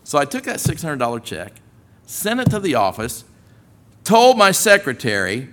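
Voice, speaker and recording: A man with a slightly high voice speaks at a normal pace as he preaches, telling a story with animation and acting out its dialogue.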